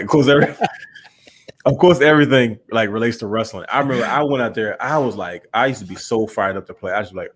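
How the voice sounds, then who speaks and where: A young man with a fairly low voice co-hosts a casual podcast chat. He tells long stories in a relaxed, rambling way and calls his co-host bro. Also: quick pace, breathy edge.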